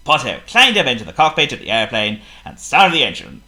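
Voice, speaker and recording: A storyteller reading a children's picture book aloud in a lively, theatrical way. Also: mid-range voice, fairly quick, hardly any pauses. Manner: lively, theatrical, voices every figure.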